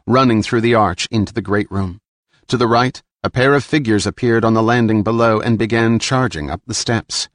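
A man reading an action novel aloud in steady, measured scripted narration. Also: lowish voice, no room sound, studio quality. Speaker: audiobook narrator.

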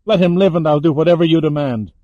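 A man's voice: medium pitch, expressive, moderate pace, dry recording, muffled recording, lightly acted. A man voicing a desperate, defiant female captive. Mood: pleading. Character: woman captive, pleading and defiant.

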